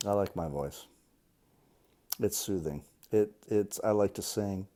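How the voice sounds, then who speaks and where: A fifty-year-old man with a Boston accent, reading a passage and answering interview questions with many ums and pauses. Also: low-pitched, dark tone. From Cape Cod, Massachusetts. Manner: hesitant, many ums and uhs.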